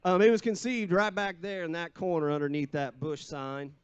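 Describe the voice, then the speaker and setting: A man's voice: fairly high pitch, fairly even intonation, moderate pace, clean tone, no room sound. A singer-songwriter man chatting between songs on a live bar stage, rambling and easygoing with many fillers. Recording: lo-fi live bar stream with music.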